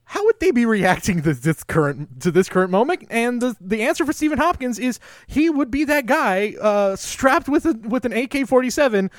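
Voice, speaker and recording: A man co-hosting a podcast, chatting in an animated, enthusiastic way with lots of fillers. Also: very high-pitched, moderate pace, hardly any pauses, no echo, clean studio sound. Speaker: podcast co-host. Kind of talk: casual film discussion.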